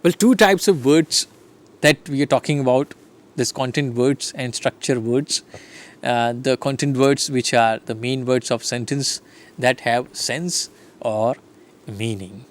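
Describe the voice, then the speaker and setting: A man's voice: mid-range voice, unhurried. A middle-aged man gives a recorded lecture, explaining slide by slide and checking in with "right?" and "fine". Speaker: English lecturer.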